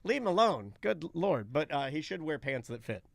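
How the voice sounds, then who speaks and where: A man from Florida hosting a podcast, joking and animated in casual chat. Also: fairly high pitch, normal speed, gravelly, no echo. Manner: joking, animated, does voices. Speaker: podcast host.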